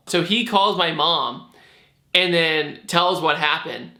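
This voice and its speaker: A young man telling a storytime vlog, animated and acting out the people in it. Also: on the high side, slow pace. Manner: animated, acts out quotes. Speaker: vlogger. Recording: echoey room.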